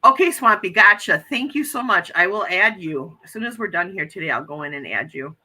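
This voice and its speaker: Bright-toned American woman chatting casually. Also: fairly low pitch, animated, a little fast, husky, rough recording. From United States. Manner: chatty, earnest, reads viewer comments aloud. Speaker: livestream host reading chat. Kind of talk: casual chat.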